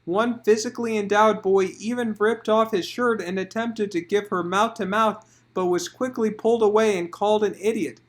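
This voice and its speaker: Man narrator, high voice, dramatic comic audiobook reading. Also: fairly even intonation, normal speed, hardly any pauses.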